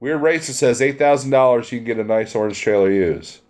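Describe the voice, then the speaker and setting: A male truck driver talks loosely to his live-stream viewers, reading their comments aloud and answering them head-on. He is blunt and chummy, and he laughs easily between remarks. His voice sits at an ordinary middle pitch for a man. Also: brisk, darkish tone. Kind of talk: casual live-stream chat.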